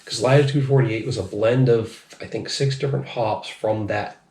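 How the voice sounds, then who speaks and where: A man's voice: medium pitch, steady tone, moderate pace, creaky, a little mellow. A man hosting a casual beer review, tipsy and rambling, swearing and laughing as he talks. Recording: echoey room.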